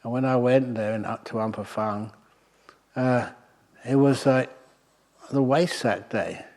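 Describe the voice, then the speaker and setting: A male Buddhist monk leads a meditation retreat with a wry, storytelling talk, in a voice of ordinary middle pitch. He winds through anecdotes at an easy pace and drops in the occasional filler as he goes. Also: a little slow, darkish tone. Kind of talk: humorous storytelling dharma talk.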